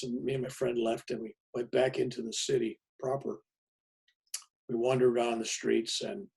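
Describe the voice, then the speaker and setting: A man's voice: medium pitch, creaky, mellow, husky. A man, a pastor, telling a travel story in a plainspoken, folksy way. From United States. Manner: plainspoken and folksy, with many fillers and restarts.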